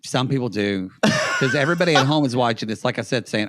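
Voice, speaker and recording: A man talking on a podcast in a loose, chatty way, with his pitch swinging widely as he acts out what others said. His voice is close and dry, with no room sound. He is caught up in the retelling. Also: brisk, no echo. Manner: animated, acts out quotes in high put-on voices. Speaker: podcast co-host. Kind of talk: casual recap chat.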